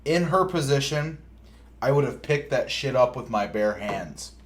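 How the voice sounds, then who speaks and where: A man's voice: mid-range voice, expressive, unhurried, noisy background. A young man co-hosting a podcast, chiming in bluntly, swearing and laughing easily in casual chat. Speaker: podcast co-host.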